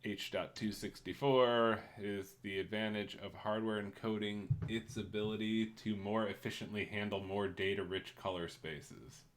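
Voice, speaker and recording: A man hosting a casual tech talk show, relaxed and a bit hesitant as he reads listener questions. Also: lowish voice, normal speed, few pauses, slight background noise. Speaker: podcast host.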